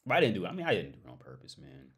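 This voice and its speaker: A man's voice: sits low, huge pitch swings, racing, fairly bright tone, breathy edge. A man hosting a livestream, telling a story in a loose, rambling way, laughing often, swearing and filling his talk with "like" and "right?". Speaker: livestream host.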